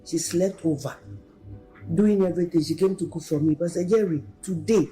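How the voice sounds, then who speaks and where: An excited woman records her testimony, calling out to the pastor over and over. Her voice sits a little low. Faint music plays beneath her. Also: moderate pace, rough recording. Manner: excited, keeps addressing the pastor by name. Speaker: testimony giver.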